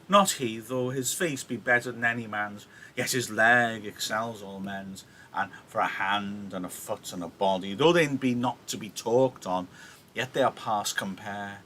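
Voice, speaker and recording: A man's voice: fairly high pitch, fairly bright tone, a little hiss or hum, voice pushed up. A man doing a teasing, rambling old nurse. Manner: slow and rambling. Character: teasing old nurse, a woman, fussing and complaining.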